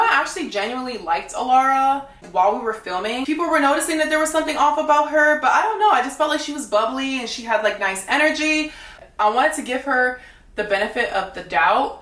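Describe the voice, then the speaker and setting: Talking to camera in a high-pitched, fairly bright voice and at a slightly fast clip, a young dating-show contestant gives her blunt, gossipy version of events, peppered with "like." The mic sits far off in a room full of echo.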